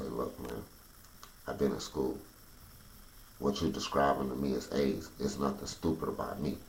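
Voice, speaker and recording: Man, AAVE, very low gravelly voice, intense emotional testimony, echoey room recording. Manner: intense, rising to agitated outbursts. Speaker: storyteller recounting personal experience. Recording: echoey room with faint background noise.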